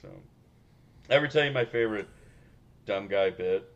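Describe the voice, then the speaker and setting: Low-voiced rambling male podcast host. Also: normal speed, dull audio. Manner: rambling, profane, laughing often. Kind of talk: casual podcast chat.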